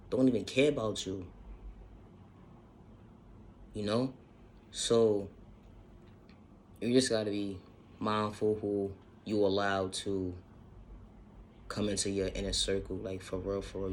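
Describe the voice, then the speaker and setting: A man's voice: fairly low pitch, a little mellow. A man talking casually and earnestly about self-healing, repeating his points and swearing now and then. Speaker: self-help vlogger. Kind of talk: casual motivational monologue.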